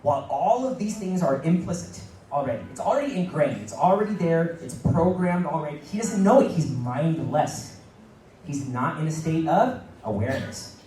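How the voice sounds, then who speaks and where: Middle-aged male keynote speaker, slightly raised pitch, mellow tone, heard from off-mic in a roomy space. Repeats lines for emphasis and acts out dialogue. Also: lively intonation, moderate pace, a little hiss or hum. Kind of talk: motivational keynote talk. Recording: echoey room, mic at a distance.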